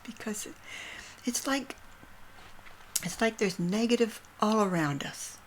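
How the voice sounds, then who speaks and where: An older woman, a grandmother, telling a personal story in an earnest, soft voice that often sinks to a breathy near-whisper. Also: medium pitch, unhurried, long pauses, a little hiss or hum. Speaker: vlogger.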